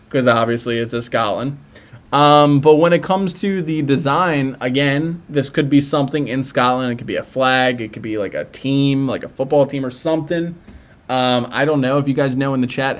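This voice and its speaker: A young man with a Philadelphia accent talks to his live audience, neither high nor low in pitch. He rambles in a relaxed way and often restarts his sentences. He sounds like a friendly host answering viewers' questions off the cuff. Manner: laid-back, rambling, with frequent fillers and restarts. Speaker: livestream host. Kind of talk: casual live-stream chat reacting to viewer messages.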